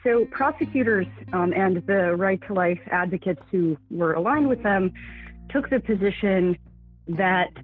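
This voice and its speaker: A woman's voice: mid-range voice, animated, a little slow, faint music behind. Woman explaining over a phone line. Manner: explanatory, with fillers. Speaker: interviewee. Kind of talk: interview answer.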